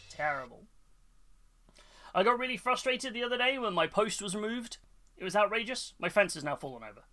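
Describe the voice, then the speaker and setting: A man's voice: high-pitched, sing-song, a little fast, pushed and bright, faint music behind. A man chatting casually on a live stream, rambling, reading out chat and telling corny jokes.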